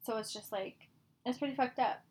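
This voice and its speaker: A woman's voice: on the high side, fairly quick, a little mellow. A young woman co-hosting a podcast, talking candidly and emotionally in casual chat, swearing freely. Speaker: podcast co-host.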